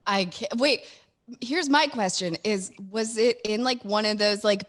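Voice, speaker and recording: A woman's voice: mid-range voice, unhurried, a bit bright. A woman hosting a radio show, chatting casually with her guests and laughing along. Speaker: radio host. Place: radio studio.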